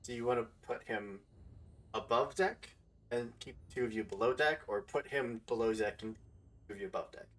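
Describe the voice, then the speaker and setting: A man's voice: medium pitch, moderate pace, far from the mic. A man running a tabletop horror game as game master, narrating and putting questions to the players in a hesitant way, with many fillers.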